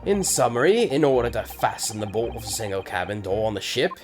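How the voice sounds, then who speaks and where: A man's voice: fairly low pitch, big pitch swings, a little fast. A man voicing a theatrical male British detective with a put-on British accent and a grand, declaiming delivery. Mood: explaining. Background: video game music.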